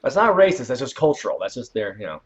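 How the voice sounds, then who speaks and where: A man hosting a casual livestream, chatting while he plays a video game. He rambles and corrects himself, and breaks into sudden loud outbursts at the game. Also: medium pitch, sing-song, fast, lo-fi sound. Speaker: channel host.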